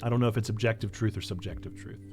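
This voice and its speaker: A pastor from Illinois with a Northern Illinois accent, chatting casually on a livestream and answering chat in a playful, self-mocking way. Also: male voice, lowish voice, steady tone, racing, music in the background. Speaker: pastor and streamer.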